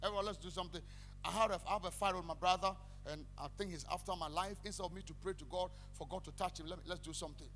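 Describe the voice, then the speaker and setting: A man's voice: high voice, steady tone, rapid-fire, fairly bright tone, a little hiss or hum. A man acting out a crafty, anxious man who talks in an urgent, conspiratorial way. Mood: plotting.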